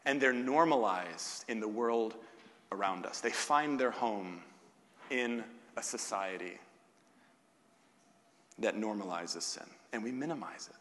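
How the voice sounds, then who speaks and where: A male pastor delivering a sermon, asking rhetorical questions and slowing down with long pauses on key words. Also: fairly low pitch, a bit bright. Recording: long hall reverb.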